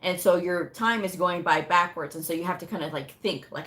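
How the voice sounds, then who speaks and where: A woman with a slightly low-pitched voice tells a personal story in a relaxed, chatty way. She often slips into acting out her own thoughts and reactions. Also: a little fast. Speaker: medical coding tutor. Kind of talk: casual storytelling vlog.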